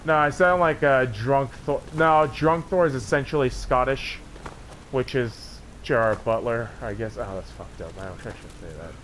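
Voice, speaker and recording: A man's voice: mid-range voice, moderate pace, slight background noise. Brash, crude gamer man. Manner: crude trash talk and mock-heroic narration; bursts into yelling taunts. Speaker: gameplay streamer. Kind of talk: let's play commentary.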